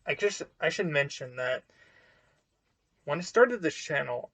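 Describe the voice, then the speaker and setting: A man's voice: on the high side, lively intonation, measured pace, pushed and bright, slightly rough, no room sound. A man giving a casual book review to camera, hesitant and full of fillers and restarts.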